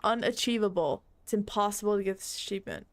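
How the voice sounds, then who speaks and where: A young woman streamer chats casually while gaming, reading on-screen text aloud and breaking into shrieks of laughter. Her voice sits at a medium pitch and moves fast, and the recording is dry.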